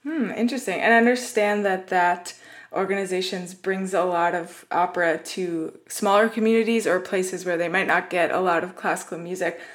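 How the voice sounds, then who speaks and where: A woman's voice: lowish voice, fairly even intonation, moderate pace. A woman hosting an arts radio show, introducing a guest and asking friendly, upbeat questions.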